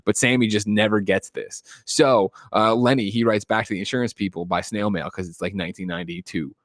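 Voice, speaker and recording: A man hosting a podcast and casually retelling a film plot, animated and profane, slipping into quick voiced asides. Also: on the low side, no room sound, clean studio sound. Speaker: podcast host. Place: studio.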